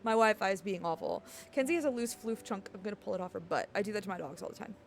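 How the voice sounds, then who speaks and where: A woman streaming a game live, chatting casually with her viewers in a playful, excitable way. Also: mid-range voice, fast, creaky, slight background noise. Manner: playful, excitable, jokes with chat. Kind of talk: casual live-stream chat while gaming.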